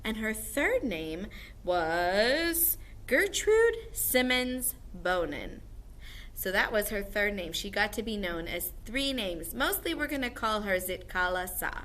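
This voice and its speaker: Lively, bright-voiced woman music teacher. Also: medium pitch, slow. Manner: upbeat, encouraging, explains simply to young children. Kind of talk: recorded video lesson for first graders.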